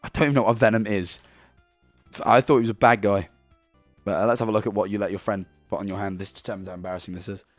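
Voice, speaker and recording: A man's voice: lowish voice, steady tone, very fast, dry recording, soft background music. A man in his twenties streaming from home, casually chatting and reading viewer messages in a rambling, stumbling way.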